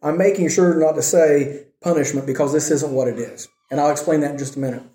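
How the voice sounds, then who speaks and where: A man's voice: a little high, fairly even intonation, warm tone, echoey room, poor audio. A man teaching a Bible lesson, reading scripture aloud and then explaining it in a conversational way, checking in with his listeners. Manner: reads scripture slowly, then explains conversationally with asides like "okay?".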